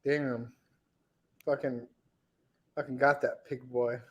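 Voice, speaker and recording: A man casually commenting on stream clips, relaxed and profane, often trailing off with fillers. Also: medium pitch, slow pace. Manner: laid-back, profane, hesitant fillers.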